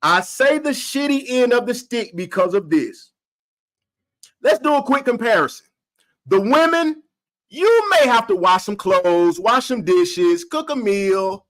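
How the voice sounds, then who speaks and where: A man putting on the voice of a smug male relationship guru who lectures in a calm, condescending, mock-serious way. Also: sits high, a little slow, full character voice, poor audio. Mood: smug lecturing. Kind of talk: comedic impression.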